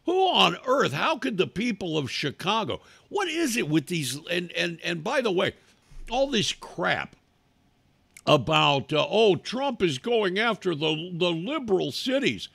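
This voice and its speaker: A man hosting a talk show, ranting angrily and profanely about politics, breaking into loud outbursts. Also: on the high side, vocal fry, slightly rough, dry recording. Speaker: radio talk show host.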